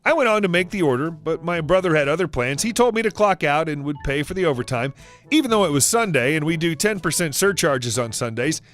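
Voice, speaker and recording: A man reading an online story aloud in an even, steady manner. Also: on the high side, fairly quick. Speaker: narrator. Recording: soft background music.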